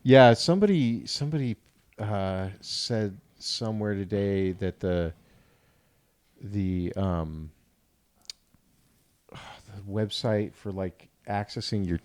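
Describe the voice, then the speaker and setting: A man's voice: lowish voice, slow, long pauses, a little mellow, dry recording. A man co-hosting a podcast in laid-back casual chat, often agreeing along. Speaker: podcast co-host.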